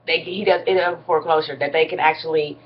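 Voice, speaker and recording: A woman's voice: low voice, fairly even intonation, quick pace. Chatty woman vlogger, dull lo-fi sound. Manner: chatty, blunt and slangy, with mild cursing. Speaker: TV recap vlogger. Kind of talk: casual reality-show recap.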